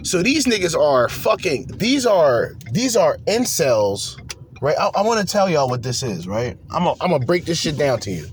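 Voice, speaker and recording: Man ranting from his car, blunt and slangy, very lively pitch, faint road hum behind. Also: normal speed. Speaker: podcast host. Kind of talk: profane ranting commentary.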